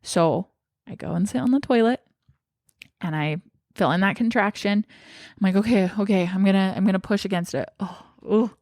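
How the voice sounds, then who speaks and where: A woman's voice: mid-range voice, moderate pace, pauses often, a little mellow, no echo, clean studio sound. A young woman vlogger telling a personal story in a casual, emotional way, shaky and tearful at times.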